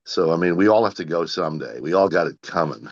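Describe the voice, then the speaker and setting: A man's voice: low voice, animated, fast talker, no room sound, dull audio. A man, an actor, telling a long story as an interview guest, rambling with frequent restarts and repeated words.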